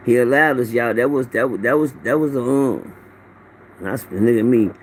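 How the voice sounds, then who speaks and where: This middle-aged livestream host talks briskly at a medium pitch, with slight background noise behind him. Into his phone, he greets viewers by name and rambles through loose, profane tales.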